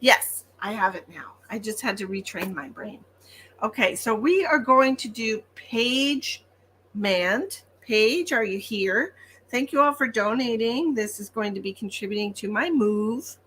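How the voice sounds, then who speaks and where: A woman's voice: fairly high pitch, lively intonation, measured pace, a bit bright, a little hiss or hum. A woman working as a psychic medium, giving chatty, reassuring readings on a livestream with frequent ums.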